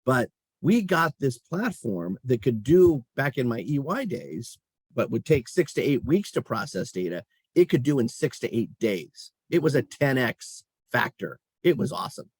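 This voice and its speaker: A middle-aged man who runs a company shares career stories as an animated storyteller in a casual interview, chuckling while he talks. His husky voice sits at medium pitch, he speaks at normal speed, and there's no echo.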